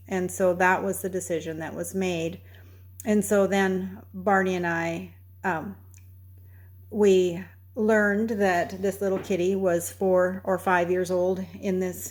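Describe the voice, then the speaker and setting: A woman co-hosting a homestead channel, telling a story in a casual, unhurried way, step by step. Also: fairly low pitch, a little mellow. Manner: unhurried, recounting events step by step.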